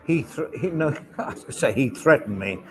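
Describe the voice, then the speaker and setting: A man's voice: medium pitch, animated, a little fast, background noise. A man hosting a casual vlog, rambling along with wry asides. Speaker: vlog host. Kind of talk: casual chat to camera. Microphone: swaps between mics.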